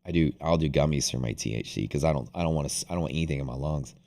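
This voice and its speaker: A man's voice: very deep voice, very fast, vocal fry, darkish tone. A man hosting a live trading stream, chatting casually in a rambling, profane way with lots of restarts. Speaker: day trading livestream host. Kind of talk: casual livestream chat.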